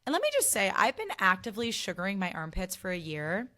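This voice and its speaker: A woman's voice: medium pitch, sing-song, quick pace, bright, forceful tone. A woman hosting a casual solo podcast, chatting in a loose, filler-heavy way with sarcastic asides. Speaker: podcast host.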